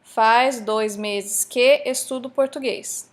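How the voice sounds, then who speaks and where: A woman, a Portuguese teacher explaining grammar in a recorded online lecture, with joking asides and slowly read examples. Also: a little high, steady tone. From Brazil.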